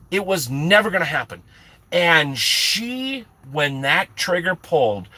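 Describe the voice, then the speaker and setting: A man with a husky, bright voice tells a comic story to his viewers. He talks slowly, but his pitch swings a lot, and he sounds animated and exasperated. He often breaks off and restarts his sentences. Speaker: channel host.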